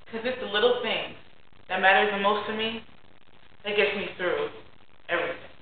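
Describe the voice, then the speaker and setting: A young woman giving an earnest, heartfelt personal speech to a class, often trailing off softly. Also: medium pitch, moderate pace, slight background noise. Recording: very echoey, distant, tinny and lo-fi.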